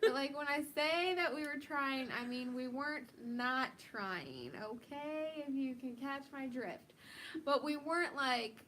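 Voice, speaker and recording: A woman's voice: high-pitched, expressive, a little slow, a bit bright, a little hiss or hum. A woman co-hosting a live stream, chatting casually and giggling as she answers viewer questions. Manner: chatty, giggly, uses many likes.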